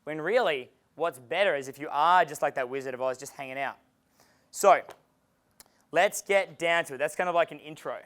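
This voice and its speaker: A man's voice: fairly high pitch, moderate pace, fairly bright tone. A man giving a seminar as a dating coach, casual and chatty, swearing freely and laughing at his own stories. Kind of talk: seminar lecture.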